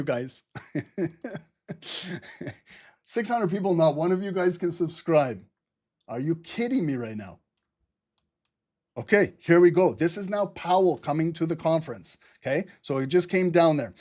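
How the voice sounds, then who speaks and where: Excited guy calling trades live on stream, kinda high voice, laughs a lot, swears. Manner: excited, fast-talking, laughs often, swears casually. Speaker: livestream trading host. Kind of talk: live trading commentary.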